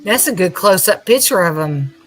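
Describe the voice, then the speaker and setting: A woman hosting a casual true-crime discussion, unhurried and thinking aloud as she talks. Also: medium pitch, animated, music in the background. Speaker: podcast host.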